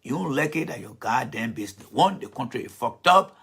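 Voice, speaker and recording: Blunt husky man ranting. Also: medium pitch, lively intonation, fairly quick, fairly bright tone. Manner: blunt, profane, repeats himself. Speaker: political commentator. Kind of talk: fiery online political talk.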